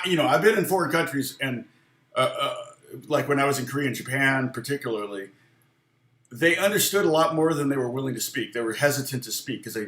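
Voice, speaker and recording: A man's voice: medium pitch, sharp tone, reverberant. A man teaching guitar on a casual live stream, chatting with viewers in a self-deprecating way and laughing often.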